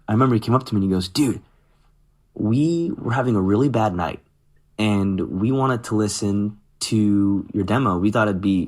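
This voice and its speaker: A man in his thirties telling stories from his music career in a casual interview, acting out what others said. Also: lowish voice. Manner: animated, quotes others in lively voices.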